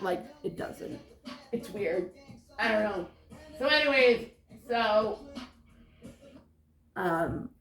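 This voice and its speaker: A woman's voice: medium pitch, gravelly, a bit bright. A woman telling a rambling story in a casual vlog, laughing often and swearing freely. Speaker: vlogger.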